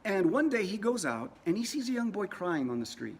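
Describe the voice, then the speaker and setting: Guy teaching a lesson, chatty storytelling, keeps repeating himself, voice a bit high. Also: big pitch swings, fairly quick, breathy edge. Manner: conversational, repeats words while telling a story. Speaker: religious teacher.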